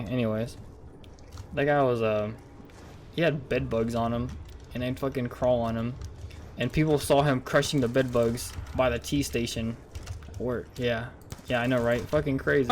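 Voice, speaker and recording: A young vlogger tells a casual, rambling story straight to his viewers, packed with swearing and incredulous outbursts. His voice is medium-pitched, with a little hiss or hum in the recording.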